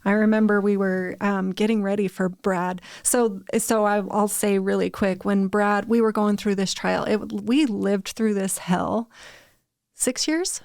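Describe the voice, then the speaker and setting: A woman in her thirties tells her own story on a podcast. She talks in a candid, stop-and-start way. Her voice has a gravelly edge and stays fairly flat in pitch, and the sound is dry and close to the mic. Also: measured pace, dry recording. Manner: candid storytelling, many restarts and fillers. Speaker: podcast co-host. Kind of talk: casual chat.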